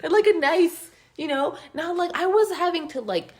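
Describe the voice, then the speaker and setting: A woman's voice: extremely high pitch, normal speed. A woman in her thirties co-hosting a podcast, telling a story in a casual chat and laughing often. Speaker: podcast co-host.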